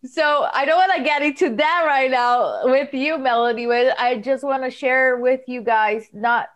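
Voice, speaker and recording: A woman's voice: sits high, fairly even intonation, normal speed. A woman co-hosting a podcast, introducing a returning guest in an enthusiastic, casual way, laughing easily. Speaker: podcast co-host.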